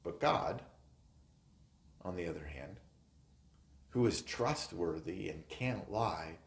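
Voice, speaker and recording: A male pastor delivers an earnest sermon in an unhurried, deliberate cadence. His pitch rises and falls widely as he stresses key words, and his voice rings through a reverberant chapel. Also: animated, gravelly. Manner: earnest, emphatic, trails off softly at phrase ends. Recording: echoey chapel room.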